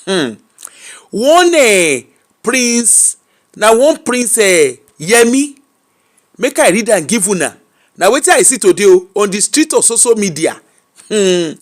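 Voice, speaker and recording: A host with a Nigerian accent giving chatty, mocking live commentary on the news, repeating phrases for emphasis. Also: medium pitch. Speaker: host of an online gossip and news show. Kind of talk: live-streamed commentary reading viewers' comments.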